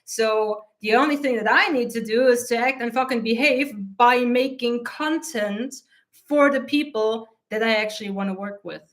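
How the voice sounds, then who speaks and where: A woman's voice: a little high, normal speed. Blunt, profane woman talking to camera. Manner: blunt and profane, with frequent laughs. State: teary eyes from allergy. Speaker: mindset coach and channel host. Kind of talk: casual talk to camera.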